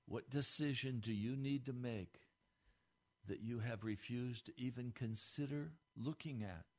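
Slow, impassioned preaching man. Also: darkish tone. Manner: impassioned preaching, rising to emphatic peaks then dropping low. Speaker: pastor. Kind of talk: radio sermon.

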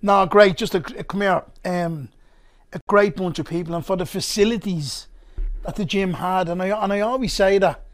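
A talkative Dublin man with a notably high-pitched voice, chatting as a podcast guest. He tells stories in rapid bursts, dropping local turns of phrase as he goes. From Ireland. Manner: chatty storyteller, rapid bursts, says "come here". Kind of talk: casual podcast chat.

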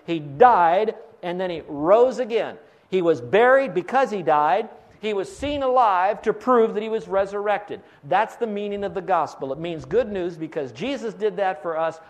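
A man teaching a Bible sermon to a live audience, asking them to fill in words. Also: sits high. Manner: asks the audience to fill in blanks. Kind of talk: radio sermon.

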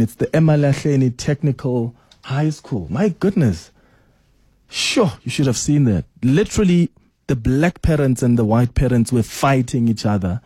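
Animated South African radio host, man. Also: mid-range voice, dry recording, clean studio sound. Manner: animated, exclaims often. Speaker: radio talk show host. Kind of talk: casual talk radio.

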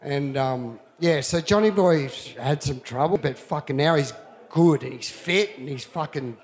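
A man with a slightly high voice tells a story in a loose, profane way. He acts out the lines of the people in it and laughs as he goes. The talk is casual and full of energy. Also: unhurried, long reverb tail. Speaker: surfer telling a story.

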